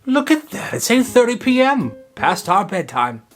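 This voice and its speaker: A man's voice: very high-pitched, very animated, pitched above the performer's own voice, exaggerated voice. A man doing a sweet doting grandma. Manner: gentle, doting, slow and kindly. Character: sweet calm grandmother, older woman.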